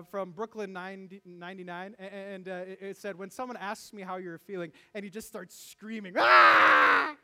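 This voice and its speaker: A man with a strikingly high, bright voice delivers a sermon in a church. He preaches in an animated way, tossing jokes and asides to his congregation. His tone stays forceful and clear as he urges them on. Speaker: pastor.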